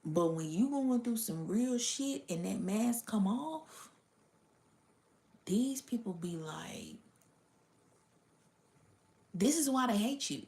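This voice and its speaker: A woman's voice: on the high side, lively intonation, slow, long pauses, warm tone. A woman giving a casual spiritual reading to her audience, blunt and profane, sometimes dropping to a whisper. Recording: roomy echo.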